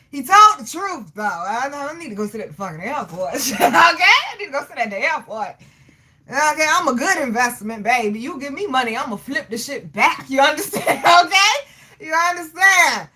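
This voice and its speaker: A woman's voice: fairly high pitch, sharp tone, breathy edge. A woman hosting a casual livestream, teasing her chat and laughing often. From Portsmouth, Virginia, US. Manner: teasing, laughs often, frequent 'okay?' tags. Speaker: livestream host.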